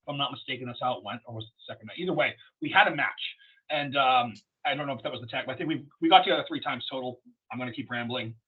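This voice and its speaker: A man, a wrestler guest on an interview podcast, telling stories in a profane, rambling, animated way. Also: mid-range voice, racing, husky. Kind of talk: casual storytelling interview. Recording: dull lo-fi podcast audio.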